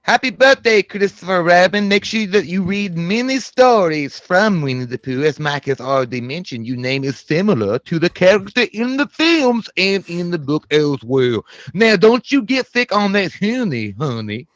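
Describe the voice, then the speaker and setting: A man's voice: sits high, big pitch swings, moderate pace, a bit bright, dry recording, lo-fi sound, voice pushed up. A man voicing Slender Man, a tall faceless creature, giving stilted fatherly advice in a formal, lecturing way.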